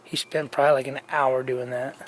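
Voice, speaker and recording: A middle-aged man giving a rambling, casual walkthrough of his truck restoration inside the cab, his throat dry so he keeps clearing it, with many fillers and restarts. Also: mid-range voice, flat delivery, brisk, a little hiss or hum. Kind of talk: casual work-in-progress walkthrough.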